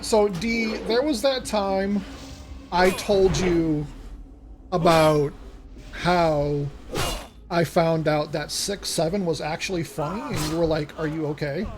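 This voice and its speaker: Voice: medium pitch, steady tone, slow pace, over music. A streamer telling long, rambling anecdotes in a casual chat, acting out the voices of the people in the story.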